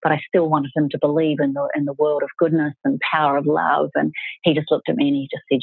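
Woman guest, husky gravelly voice, flat delivery, phone-like audio. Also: low voice, fast, no echo. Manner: earnest, emphatic, with frequent restarts. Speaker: author and podcast guest. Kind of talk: reflective storytelling in an interview.

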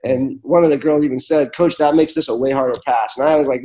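A man tells reflective stories as an interview guest. His voice is warm and mellow. He speaks earnestly, with plenty of fillers and restarts. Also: mid-range voice, steady tone, fast talker, low-quality recording. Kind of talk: reflective storytelling in conversation.

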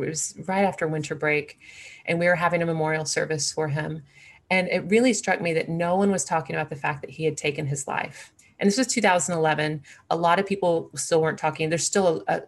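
A woman's voice: deep voice, vocal fry. A woman in her forties, an interview guest, telling a personal story in a candid, earnest way with many fillers and restarts.

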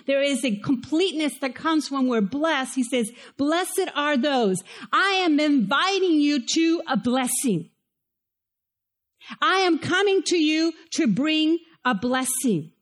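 High-voiced woman preaching, Spanish accent. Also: measured pace. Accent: Spanish-accented English. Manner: conversational and animated, asks the listeners questions. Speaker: pastor. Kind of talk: sermon.

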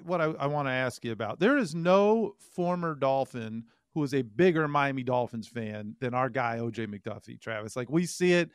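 A man's voice: mid-range voice, expressive, moderate pace, hardly any pauses, smooth, no echo, clean studio sound. A man hosting a radio interview, asking playful, joking questions. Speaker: radio host.

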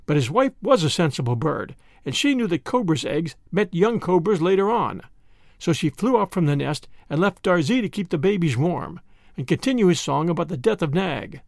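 A man reads a classic tale aloud with dramatic, expressive energy. His voice sits high and swoops a lot, with a gravelly edge. The recording is close and dry, with no room sound. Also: moderate pace, no echo. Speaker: narrator. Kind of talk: storybook narration.

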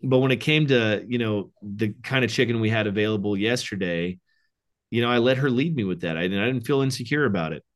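Man, podcast guest, men's coach, low voice, animated storyteller. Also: brisk. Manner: animated storyteller, quoting others, excited. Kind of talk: casual interview chat.

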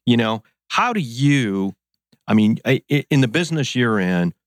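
A man's voice: medium pitch, expressive, moderate pace, no echo, studio quality. A man hosting a casual interview, asking questions in an easygoing, jokey way. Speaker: podcast host.

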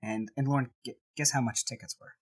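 A man's voice: medium pitch, steady tone, quick pace, a crowd in the background. A man co-hosting a podcast in casual chat, playfully acting out quotes from history. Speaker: podcast co-host.

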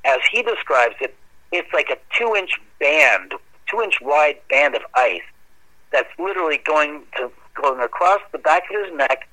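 A man casually telling a long story in an animated, conversational way, with the odd curse word. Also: on the high side, a little slow, poor audio. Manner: animated, conversational, occasional swearing.

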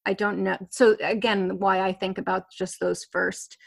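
Creaky-voiced woman telling a personal story. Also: medium pitch, little pitch movement, moderate pace. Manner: rambling, full of fillers and restarts, laughs nervously. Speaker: interview guest.

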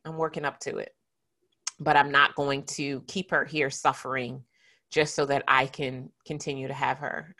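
Earnest, low-pitched woman podcasting. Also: a bit bright. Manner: earnest and emotional, with slow pauses. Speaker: podcast host for entrepreneurs. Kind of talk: reflective, heartfelt podcast monologue.

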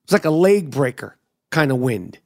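A man's voice: medium pitch, sing-song, normal speed, no echo, studio quality. A middle-aged man with a New York accent, hosting his own podcast in a brash, profane, riffing monologue. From New York City. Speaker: podcast host and comedian.

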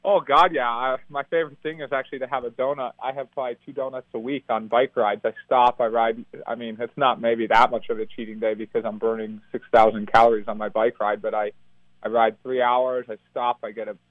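A man's voice: medium pitch, little pitch movement, brisk, no echo. Upbeat young man on a tinny phone line. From United States. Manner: upbeat, laughs easily. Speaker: professional triathlete guest. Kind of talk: phone-in interview.

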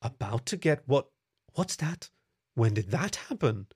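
A man's voice: medium pitch, sing-song, unhurried, darkish tone, husky, no echo, studio quality, heavily acted. A man doing a teasing young fox-spirit woman. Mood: startled. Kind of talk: audiobook character voice.

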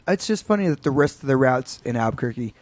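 A man's voice: mid-range voice, expressive, fast talker. A man ranting in a casual chat, with lots of fillers.

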